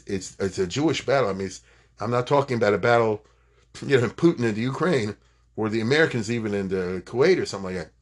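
A man giving an informal Torah class, animated and digressive, mixing in Hebrew phrases and retelling war stories. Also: lowish voice. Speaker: Torah teacher.

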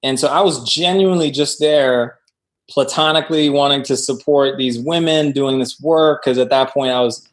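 Male guest, mid-pitched, relaxed and joking as he tells his story. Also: normal speed. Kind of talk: casual conversation.

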